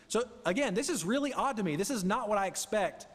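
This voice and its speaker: A man delivering a sermon in a church, his fairly high voice ringing out with a long reverb tail behind it. He reads scripture aloud and then unpacks it earnestly for the congregation. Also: lively intonation, fast, hardly any pauses, husky. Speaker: preacher. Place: church sanctuary.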